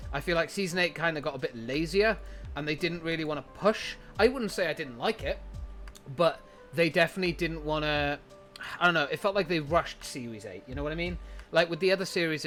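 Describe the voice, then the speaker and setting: A man's voice: fairly high pitch, a bit bright. A man streaming casually, chatting with enthusiasm, swearing freely and thinking aloud as he goes through his anime list.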